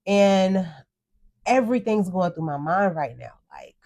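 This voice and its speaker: A woman's voice: mid-range voice, animated, measured pace, darkish tone. A middle-aged woman telling an emotional story of a crash as a podcast co-host, earnest and close to tears. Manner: earnest, tearful retelling, quotes herself.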